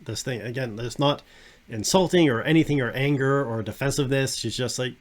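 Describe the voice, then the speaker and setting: A man hosting a podcast, talking casually and enthusiastically about an animated series, often trailing off quietly at the ends of phrases. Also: mid-range voice, brisk. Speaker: podcast host.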